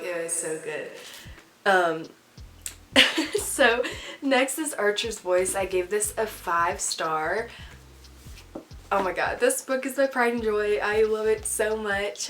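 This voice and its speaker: A woman's voice: mid-range voice, a bit bright, a little hiss or hum, rough recording. A young woman with a stuffy nose from a cold, chatting casually and rambling about books she read, with frequent giggles and fillers. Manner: rambling, giggly, says like a lot. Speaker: book vlogger. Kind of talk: casual reading wrap-up chat.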